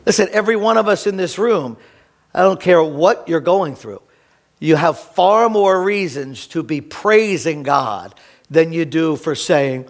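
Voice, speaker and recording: Male pastor, higher register, animated sermon delivery with big swings in intensity. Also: a little slow. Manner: animated preaching, swings between emphatic and hushed.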